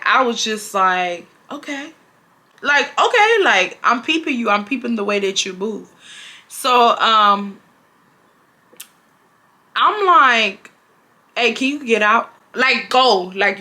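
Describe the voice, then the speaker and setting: A young woman, telling a casual personal story to her viewers and acting out her own lines. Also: a little high. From Houston, Texas. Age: 20s. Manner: animated, acts out her own lines with swearing and laughs. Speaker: storytime vlogger.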